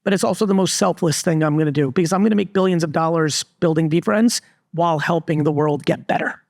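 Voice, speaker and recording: A man's voice: on the high side, fast, creaky, a little mellow, dry recording. A middle-aged man, giving a live stage talk to an audience in a blunt, emphatic way. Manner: blunt, emphatic, repeats "literally". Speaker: entrepreneur and guest speaker. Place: resort event stage before a live audience.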